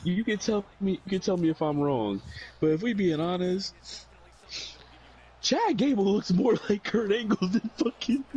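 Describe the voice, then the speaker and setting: A man's voice: high voice, moderate pace, lo-fi sound, a little hiss or hum. A man co-hosting a casual wrestling review podcast, telling stories with profane slang and frequent laughter. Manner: animated storytelling, profane slang, laughs often. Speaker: podcast co-host.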